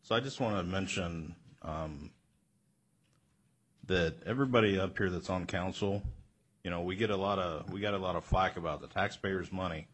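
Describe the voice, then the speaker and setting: Deep, husky-voiced councilmember, halting. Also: male voice. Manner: halting, earnest, many fillers. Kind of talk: council remarks. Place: council chamber.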